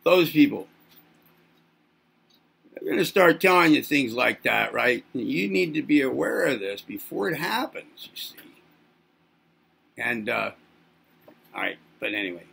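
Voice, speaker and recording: A man's voice: medium pitch, very animated, measured pace, vocal fry, long pauses, fairly bright tone, husky. A man hosting a self-help channel, speaking in a playful monologue to camera as if to babies. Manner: teasing, talks as if to babies.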